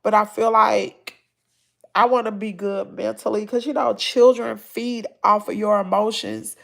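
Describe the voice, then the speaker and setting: A woman's voice: medium pitch, steady tone, a little slow, gravelly, fairly bright tone. A middle-aged woman with a Southern accent, crying and stuffed up, talking heartfelt to her viewers. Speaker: family vlogger. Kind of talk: emotional livestream talk to viewers.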